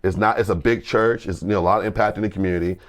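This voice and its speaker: Low-voiced man telling a story. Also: steady tone, very fast, crowd noise. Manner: tells anecdotes with lots of restarts and acted-out quotes; fillers like "like" and "I'm like". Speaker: guest church musician. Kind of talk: animated storytelling in a podcast conversation.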